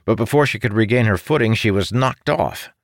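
A man reading a fantasy story aloud in scripted, measured narration. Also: fairly low pitch, gravelly, dry recording, studio quality. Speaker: audiobook narrator.

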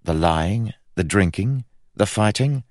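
A man's voice: lowish voice, expressive, slow pace, darkish tone, no echo, studio quality, voice pushed up. A man voicing a stern, proud young magician in his twenties, blunt and exasperated.

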